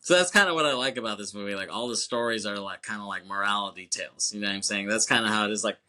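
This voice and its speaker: A man's voice: fairly low pitch, rapid-fire, pushed and bright. A man co-hosting a podcast, casually retelling a film's plot in a loose, rambling way, swearing and laughing often. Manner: loose, rambling retelling with fillers and acted quotes. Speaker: podcast co-host. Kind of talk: casual film recap chat.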